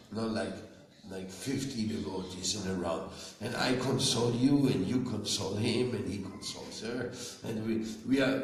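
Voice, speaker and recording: A man, a spiritual teacher, giving a slow devotional talk to an audience and often asking them questions. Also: medium pitch, distant mic, a little hiss or hum. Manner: slow, conversational, asks listeners questions. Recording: very echoey room, faint ambience.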